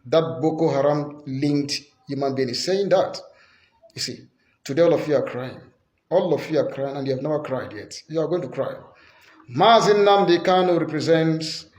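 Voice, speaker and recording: A man's voice: a little high, echoey room, poor audio. Emphatic Nigerian man, impassioned speech. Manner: emphatic, repetitive, forceful declarations.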